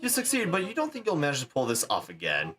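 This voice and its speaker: A man streaming, reading game text aloud with animated commentary and laughing asides. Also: fairly high pitch, quick pace, slight background noise.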